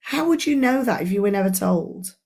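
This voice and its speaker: A middle-aged woman talks through a book with her live audience in an earnest, chatty way. She speaks as a coach at a mid-range pitch for a woman, addressing listeners directly. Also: lively intonation, brisk, a little mellow, husky. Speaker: life coach. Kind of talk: live-stream book club discussion.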